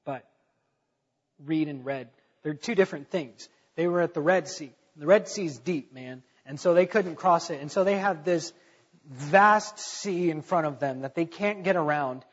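A man preaches in a relaxed, storytelling way, dropping casual fillers and leaning hard on his main points. His voice sits a little high and sounds husky. The recording is dull and lo-fi. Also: a little slow, in a large hall. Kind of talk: conversational sermon.

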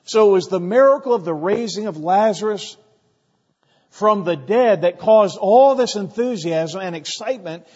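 A man's voice: high-pitched, lively intonation, moderate pace, darkish tone, slightly rough. A man preaching a sermon in an emphatic way, acting out the voices of the crowd. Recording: reverberant hall, dull lo-fi sound.

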